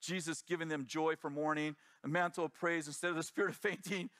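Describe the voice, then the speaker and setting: A middle-aged man preaches as a pastor, telling a lively story and slipping into the voices of the people in it. His voice sits a little high for a man. The sound is close and dry. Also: quick pace, no echo. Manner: animated storyteller acting out quoted voices. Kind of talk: sermon storytelling.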